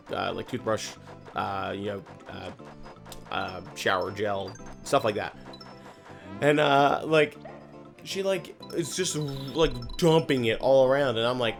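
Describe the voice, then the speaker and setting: Playing a game, a man with a mid-range voice, vocal fry, and a bit of brightness rambles through a casual story. This gaming video host fills his talk with "like" and swears a lot.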